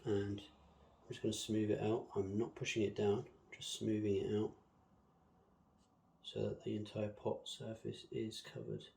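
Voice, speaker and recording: A man with a mellow, soft-edged voice talks viewers through a hands-on planting tutorial in a casual, chatty way. He hums little nonsense syllables as he works. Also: lowish voice, monotone, a little slow, gravelly. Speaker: bonsai planting demonstrator.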